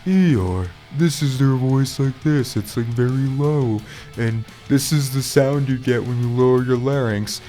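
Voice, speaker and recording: A man voicing a sad, goofy male cartoon donkey, his larynx lowered into a dopey yawning tone. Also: a little slow, dark tone, faint music behind, close to an everyday voice. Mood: mopey.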